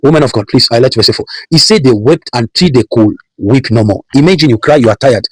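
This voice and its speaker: A man's voice: medium pitch, a little fast, few pauses, slightly rough, dry recording, rough recording. A man preaching a sermon, repeating phrases and building emphasis as he calls out Bible verses. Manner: preaching with repetition and rising emphasis. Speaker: pastor.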